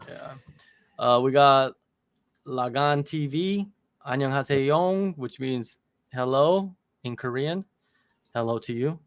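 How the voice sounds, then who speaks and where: A man hosting a casual livestream watch-along, reading viewer comments and shout-outs aloud with a joking manner. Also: mid-range voice, slow pace, pauses often, clear, resonant tone, no echo, clean studio sound.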